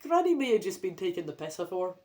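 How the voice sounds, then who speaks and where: A woman's voice: fairly low pitch, sing-song, fast, warm tone. Chatty Scottish woman reading aloud. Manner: chatty, sweary, rambling. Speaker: reader of a children's adventure book. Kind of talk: casual read-aloud with asides.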